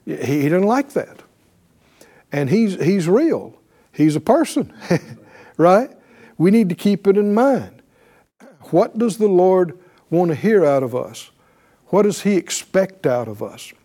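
A man's voice: high voice, slow, pauses often. A man preaching a sermon, often asking "right?" and acting out voices of believers speaking faith. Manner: animated, calls for responses with "right?".

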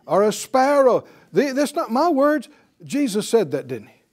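A man preaches with emphatic energy and keeps asking his congregation questions. His voice sits fairly high and swings widely up and down as he drives each point home. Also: sing-song, unhurried, darkish tone. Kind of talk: sermon.

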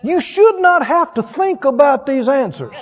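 A preacher with a high, ringing voice delivers a folksy sermon, chuckling between lines. He swings from loud calls to hushed telling, and the sound is dull and carries a long hall reverb. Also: lively intonation, unhurried.

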